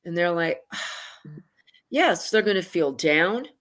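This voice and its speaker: A woman psychotherapist explaining moods in a relaxed conversation, acting out her clients' thoughts with sighs and quick asides over a video call. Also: on the low side. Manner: animated, acts out clients' inner voices with sighs. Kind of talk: conversational explanation with acted-out examples.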